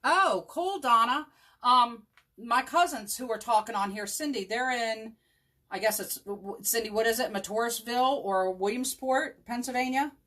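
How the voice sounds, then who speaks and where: At her home craft table with her dog at her feet, a woman runs a live chalk craft tutorial, chatting with viewers, thinking aloud and answering them by name. Her voice is on the high side and a bit bright, at a normal speed.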